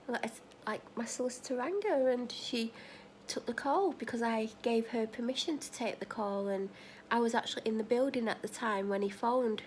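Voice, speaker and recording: A woman's voice: a little high, fairly quick, slight background noise. A woman chatting casually in a vlog, rambling through run-on asides and retelling conversations. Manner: retells conversations, acting out both sides. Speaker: vlogger.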